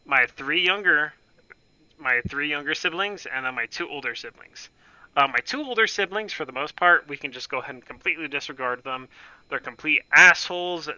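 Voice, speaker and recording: A man's voice: medium pitch, sharp tone, clean tone, dry recording, highs cut off. A young man casually telling a rambling, profane, self-mocking story on his gaming channel.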